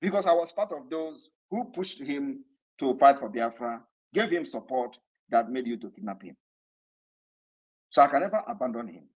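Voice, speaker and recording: A man with a Nigerian accent giving an impassioned, defiant political address to followers online, repeating his points forcefully. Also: mid-range voice, lively intonation, normal speed, breathy edge, poor audio. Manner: fiery, defiant, repetitive.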